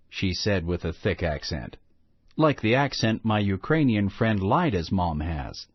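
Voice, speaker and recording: A man reading a children's storybook aloud in a slow, expressive storytelling manner. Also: low voice, dry recording. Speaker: storybook reader. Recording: muffled lo-fi recording.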